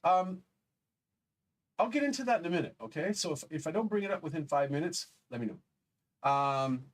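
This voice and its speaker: A man hosting a live stream, talking in a somber, halting way with many pauses. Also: fairly high pitch, expressive, slight background noise. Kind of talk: live stream talk reading chat. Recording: voice a bit distant from the mic.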